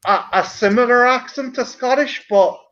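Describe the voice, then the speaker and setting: A man's voice: very high-pitched, moderate pace, a bit bright. An Irish man chatting casually online with friends, blunt and swearing constantly. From Ireland. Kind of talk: casual online group chat. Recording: muffled lo-fi voice chat.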